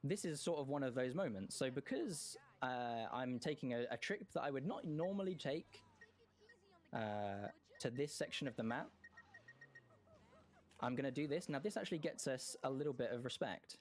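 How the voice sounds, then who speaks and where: A man's voice: medium pitch, lively intonation. A man giving live speedrun commentary in a chatty way, often correcting himself and joking. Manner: chatty, self-correcting, quick jokes and laughs.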